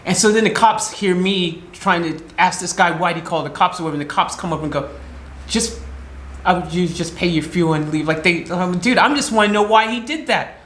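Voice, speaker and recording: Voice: mid-range voice, brisk, reverberant, a little hiss or hum. A shaken vlogger rambling through an upsetting story and acting out the other people's lines in quoted voices. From United States. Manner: animated retelling with quoted voices, rambling restarts. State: emotionally shaken. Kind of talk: emotional storytelling vlog.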